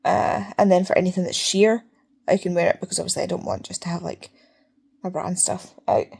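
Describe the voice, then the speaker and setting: A woman's voice: on the low side, steady tone, a little fast, vocal fry, darkish tone, husky. A young Scottish woman talking casually in a home reading vlog, chatty and prone to swearing rants. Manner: chatty, ranting, swears freely. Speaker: book vlogger.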